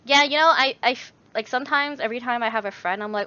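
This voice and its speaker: A woman's voice: on the high side, quick pace, bright, forceful tone, lo-fi sound. A young woman vlogger chatting casually on a livestream, rambling with lots of fillers and reading viewer messages aloud. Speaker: YouTuber answering chat.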